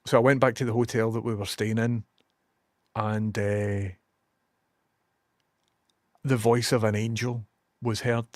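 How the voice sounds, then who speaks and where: Scottish guy streaming, swears a lot, lively rambling chat, dry close mic. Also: lowish voice, unhurried, long pauses, no room sound. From Scotland. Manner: animated, swearing, reads out chat messages.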